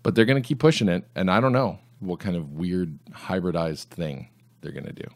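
A man's voice: deep voice, fairly quick. A man hosting a solo commentary podcast, reading items aloud and answering them with sarcastic, mocking asides. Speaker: podcast host.

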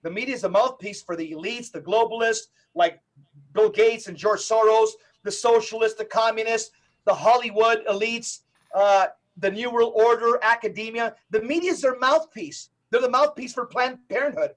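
Middle-aged guy on a podcast, really high voice, preachy and emphatic, piles up lists. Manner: emphatic, rapid lists and repetitions. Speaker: guest, Catholic evangelist.

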